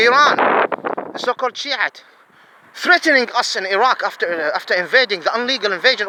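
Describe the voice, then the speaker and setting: A man's voice: sits high, animated, a little fast, heavy background noise. A man, giving an angry, profane monologue full of repeated, emphatic questions. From Saudi Arabia.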